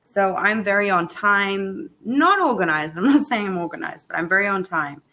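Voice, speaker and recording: A woman's voice: mid-range voice, normal speed, low-quality recording. Chatty British woman with a mixed twang. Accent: British blended with Australian and South African. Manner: chatty, laughing, animated storyteller. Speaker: English tutor. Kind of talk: casual chat. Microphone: video call.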